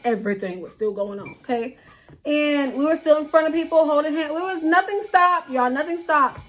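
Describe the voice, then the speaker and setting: Woman vlogger, high voice, animated storytime teller who repeats herself for emphasis. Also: moderate pace. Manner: animated, repeats phrases for emphasis, speaks directly to viewers.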